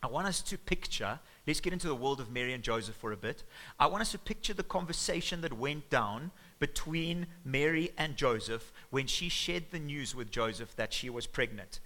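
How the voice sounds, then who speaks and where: A man preaching a sermon in a church, telling the story in an animated and conversational way. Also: mid-range voice, normal speed, rough recording. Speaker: pastor.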